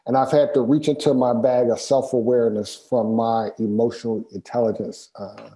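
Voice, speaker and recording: Guy with a mellow warm voice, telling a work story, kinda slow and hesitant. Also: medium pitch, little pitch movement, low-quality recording. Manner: measured, hesitant, many pauses. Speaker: team member sharing a work story. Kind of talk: casual storytelling in a group discussion.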